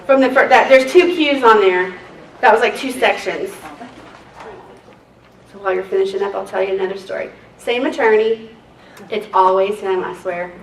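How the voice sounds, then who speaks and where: A woman, a court reporter teaching a seminar, telling lively, laughing stories between exercises. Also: medium pitch, moderate pace, long pauses. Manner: chatty, laughing, lively storyteller. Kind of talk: casual storytelling lesson. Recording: roomy, distant mic, faint noise.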